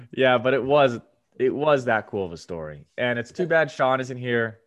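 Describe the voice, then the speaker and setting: A man co-hosting a casual sports podcast, easygoing and given to drawn-out retelling. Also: mid-range voice, animated, lo-fi sound. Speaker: podcast co-host. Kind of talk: casual chat.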